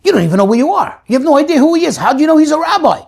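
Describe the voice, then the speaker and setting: A man's voice: very high-pitched, big pitch swings, rapid-fire, creaky, a little mellow, voice pushed up, full character voice. A man voicing a cheerful friend who asks doubtful questions in a raised voice. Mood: incredulous.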